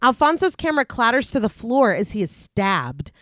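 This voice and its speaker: Woman podcast co-host, animated recap delivery, dry close mic. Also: a little high, moderate pace, no room sound. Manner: recaps plot in long lively read-through, laughs often. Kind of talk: casual chat and plot narration.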